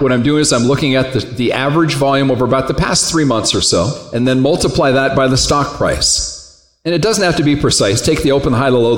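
Guy teaching a trading class, chatty, keeps asking the room stuff, big echoey hall. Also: medium pitch. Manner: conversational, asks the class questions. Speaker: trading instructor. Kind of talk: classroom lecture. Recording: echoey hall with long reverb.

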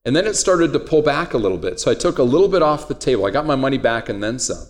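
A man's voice: medium pitch, lively intonation, quick pace. Chatty middle-aged man teaching a class. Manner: conversational, digressive, tells personal anecdotes. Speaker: trading instructor. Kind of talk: classroom lecture.

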